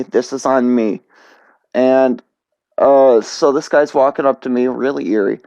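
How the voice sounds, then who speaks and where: Young male storyteller, casual, stop-start delivery, mid pitch, muffled dry recording. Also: darkish tone, clear, resonant tone, no echo. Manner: halting, many restarts and fillers.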